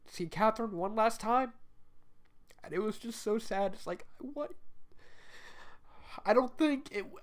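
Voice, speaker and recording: A man's voice: high voice, lively intonation, measured pace, pauses often. Man, casual review, tearful, rambling, lots of restarts and fillers. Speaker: fan fiction reviewer.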